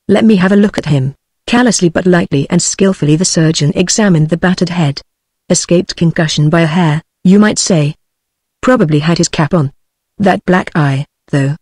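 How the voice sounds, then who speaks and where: A synthetic British English woman's voice reading a novel aloud with an even, steady audiobook delivery. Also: fairly low pitch, normal speed, slightly rough, dry recording. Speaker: audiobook narrator.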